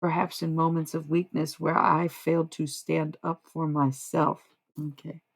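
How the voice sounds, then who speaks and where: A woman's voice: sits low, little pitch movement, measured pace, vocal fry, slightly rough, low-quality recording. A woman streaming live as a self-described medium, musing in a meandering way and often stopping to correct herself. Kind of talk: rambling livestream monologue.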